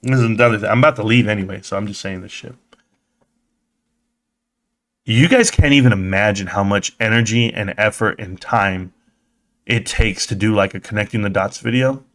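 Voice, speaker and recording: A man hosting a live stream in casual, excitable chat, talking straight to his viewers and swearing now and then. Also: fairly low pitch, moderate pace, pauses often. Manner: excitable, swears casually, acts out quoted voices.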